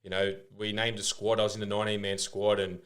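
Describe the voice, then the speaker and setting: Young Aussie man as podcast guest, lower-pitched voice, chatty and meandering with lots of ums and restarts. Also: flat delivery, quick pace, a bit bright. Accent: Australian. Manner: rambling storyteller, lots of fillers and restarts. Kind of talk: casual interview chat.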